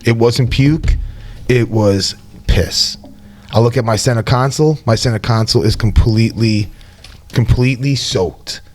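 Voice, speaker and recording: Animated, profane male storyteller. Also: mid-range voice, moderate pace, a little hiss or hum. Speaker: podcast co-host. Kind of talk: casual storytelling chat.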